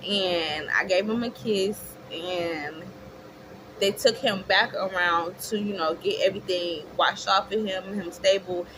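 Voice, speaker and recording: A young woman tells a story in a chatty, expressive way and talks straight to her viewers. Her voice sits in a middle range, and steady background noise is clearly heard under it. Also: medium pitch, unhurried. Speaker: vlogger. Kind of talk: casual storytime.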